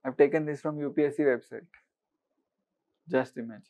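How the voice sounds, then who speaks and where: Indian man teaching, high voice. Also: steady tone, a little fast, warm tone. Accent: Indian English. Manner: questioning, mixes Hindi words, repeats for emphasis. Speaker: exam-prep teacher. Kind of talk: lecture to students.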